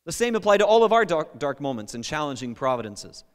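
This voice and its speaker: Lively conversational male pastor preaching. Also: on the high side, fast talker, clear, resonant tone, long reverb tail. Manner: conversational and animated, with playful asides. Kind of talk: sermon.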